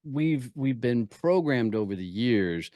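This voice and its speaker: A man's voice: medium pitch, takes it slowly, no room sound. Punchy, emphatic man telling stories. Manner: energetic storyteller, punchy and emphatic. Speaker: podcast guest, networking speaker. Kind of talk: casual interview talk.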